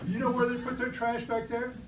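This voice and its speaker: A man's voice: extremely high pitch, monotone, a little fast. A man giving a humorous prepared speech at a club meeting, playfully teasing the audience with mock examples. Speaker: club speaker. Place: meeting room. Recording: roomy, from far off, faint background noise.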